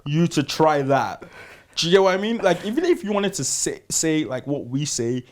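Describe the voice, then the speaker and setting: A man, a podcast guest talking in an animated, laughing way and often checking that he's understood. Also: fairly high pitch, moderate pace. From London. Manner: laughing, animated, often asks "do you get what I mean". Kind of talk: casual chat.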